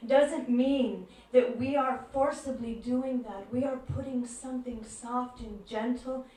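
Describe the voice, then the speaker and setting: A woman giving a devotional talk, telling stories gently and acting out the voices in them. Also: a little high, steady tone, takes it slowly. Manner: gentle storyteller who acts out quoted voices. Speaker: devotional speaker. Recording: echoey room, far from mic.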